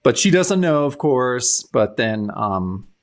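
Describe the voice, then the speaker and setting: A man's voice: mid-range voice, big pitch swings, slow pace. A man co-hosting a casual podcast, tossing in wry jokes and laughing often while discussing a comic. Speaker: podcast co-host.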